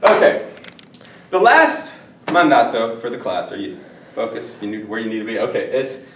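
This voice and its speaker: A man's voice: mid-range voice, big pitch swings, moderate pace, a bit bright, a little hiss or hum. A man teaching a Spanish class at a whiteboard, joking between number drills. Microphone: far camera. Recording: echoey classroom from far off.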